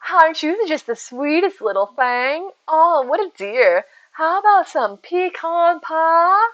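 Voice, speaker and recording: A woman's voice: very high-pitched, very animated, rapid-fire, bright, forceful tone, no echo, lo-fi sound, voice pushed up, full character voice. Streamer woman doing a sugary old-lady hostess.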